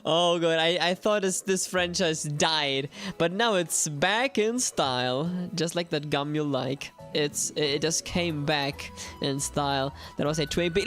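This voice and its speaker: A woman's voice: deep voice, a little slow, hardly any pauses, soft background music. A young adult woman hosting a live gaming stream, chatting animatedly and addressing her viewers directly.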